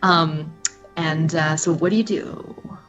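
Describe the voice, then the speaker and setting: A woman narrating a tabletop game as game master, relaxed and full of fillers and hesitations. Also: deep voice, slow, muffled recording, music in the background. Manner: relaxed, hesitant with many fillers, laughs easily.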